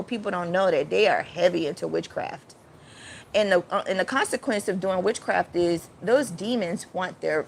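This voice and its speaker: A woman hosting a casual livestream, rambling and chatty, breaking off to greet viewers with sudden high exclamations. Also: gravelly, a little hiss or hum. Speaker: livestream host.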